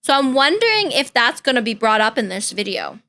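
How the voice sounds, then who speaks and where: High bright-voiced young woman streamer. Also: sing-song, a little fast. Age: young adult. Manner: chatty, caring, playful. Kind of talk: casual reaction-stream chat.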